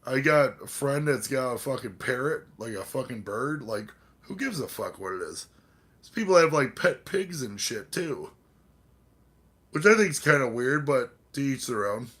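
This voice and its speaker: A man's voice: medium pitch, expressive, unhurried, fairly bright tone, slightly rough. A man hosting a casual live stream, rambling and swearing while chatting with viewers, a bit tipsy from drinking. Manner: rambling, profane, talks to chat and his cats. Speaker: livestream host.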